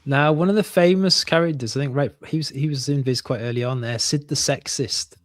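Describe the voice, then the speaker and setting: A man from northern England co-hosting a casual chat over a video call, halting often and laughing a lot. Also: mid-range voice, no room sound, clean studio sound. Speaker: podcast co-host.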